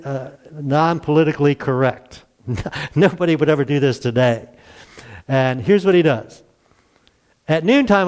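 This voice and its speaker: A middle-aged male pastor retelling a Bible story in a folksy, animated sermon, acting out the quoted voices with chuckles. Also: fairly high pitch, clean tone.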